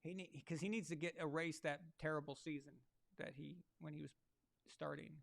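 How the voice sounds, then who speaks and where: Crude, sarcastic man with a gravelly voice. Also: on the high side, fairly even intonation, a little fast. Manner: crude, sarcastic, joking asides. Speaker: live sports show host. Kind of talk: casual live watch-along commentary.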